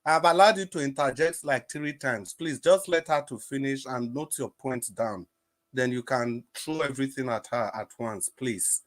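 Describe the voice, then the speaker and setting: A man moderates an online panel debate. He keeps calling speakers by name and asks them politely to wait their turn, and his voice often drops softer as he settles things down. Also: medium pitch, moderate pace, no room sound. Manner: calm, repeats names to call order, polite.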